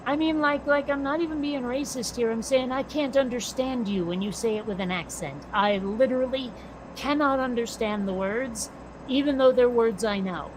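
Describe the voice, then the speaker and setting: An American woman co-hosting a casual chat, blunt and quick to swear. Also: fairly high pitch. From United States. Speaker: podcast co-host. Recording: noisy background.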